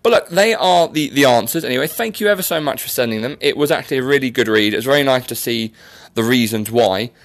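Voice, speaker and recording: A man's voice: medium pitch, fast, dry recording. A young man hosting a podcast in casual chat, joking and teasing his guest, often poking fun at himself. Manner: joking, self-mocking, teasing. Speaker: podcast host.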